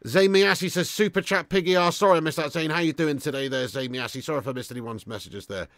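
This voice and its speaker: A man hosts a live football watch-along, cursing freely, reading out viewer messages and swinging between shouts and grumbling. His voice sits high and cuts through with a bright, sharp edge. The sound is dry and close, with no room around it. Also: quick pace, hardly any pauses, no echo. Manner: sweary, swings from shouting to muttering.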